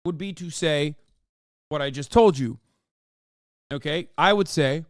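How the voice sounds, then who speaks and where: A male streamer ranting at his chat during a live reaction stream, profane and combative, often yelling. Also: on the high side, clean tone, no room sound, studio quality.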